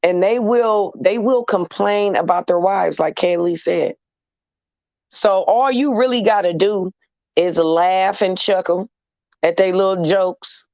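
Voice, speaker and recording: A woman's voice: medium pitch, slow pace, a little mellow, dry recording. A blunt, candid woman speaking, chatting loosely with viewers and slipping into slang. The sound is dry and close, with a dull, slightly muffled tone. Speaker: host talking to viewers. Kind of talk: casual chat to a live audience.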